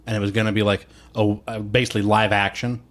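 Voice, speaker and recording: Low-voiced man chatting on a podcast. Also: little pitch movement, quick pace. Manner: laughs often, acts out quotes in put-on voices. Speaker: podcast co-host. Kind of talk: casual chat.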